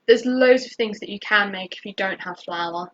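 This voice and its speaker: A woman's voice: mid-range voice, normal speed, a bit bright. A British woman hosting a casual live baking tutorial from her home kitchen, rambling with many fillers and restarts. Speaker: baking stream host. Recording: dull lo-fi stream audio.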